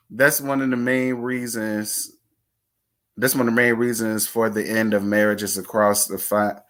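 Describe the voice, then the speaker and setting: A man's voice: lowish voice, a bit bright. A man, sassy and dramatic as he chats casually about reality TV gossip. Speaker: gossip vlogger.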